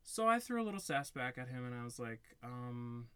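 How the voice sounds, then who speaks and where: A man's voice: mid-range voice, very animated, fairly quick, bright, forceful tone, smooth. A young man co-hosting a podcast, casually telling a story and acting out quotes. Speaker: podcast co-host. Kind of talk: casual chat.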